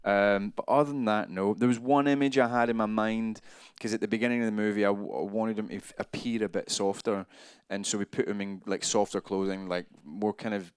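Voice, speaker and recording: Male actor guest, low and smooth, rambling anecdotal storyteller, dry close sound. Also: steady tone, fairly quick, few pauses, dry recording. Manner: rambling, self-deprecating storyteller with many fillers. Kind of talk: casual anecdotal interview chat. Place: live event after a film screening.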